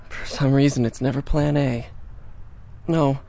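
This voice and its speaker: An actor playing a nervous young hacker who talks fast when pressed. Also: male voice, mid-range voice, fairly even intonation, gravelly, warm tone. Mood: sheepish. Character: nervous young male hacker, anxious and quick. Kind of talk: audio drama acting.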